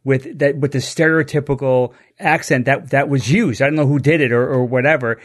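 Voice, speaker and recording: A man's voice: mid-range voice, steady tone, a little fast. A man co-hosting a podcast, hesitant and searching for words as he explains his view. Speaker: podcast co-host. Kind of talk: casual chat.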